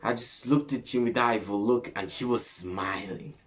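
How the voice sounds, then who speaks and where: A young man from Greece telling a story to camera in a casual vlog, animated and full of swearing and slang. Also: medium pitch, normal speed. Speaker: vlogger.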